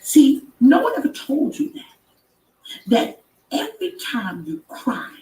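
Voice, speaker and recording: A woman hosting a live stream, giving an emphatic preaching-style motivational talk that repeats phrases and rises to shouts. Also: sits high, wildly swooping pitch, measured pace, distant mic. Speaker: inspirational live-stream host. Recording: echoey room, off-mic with background noise.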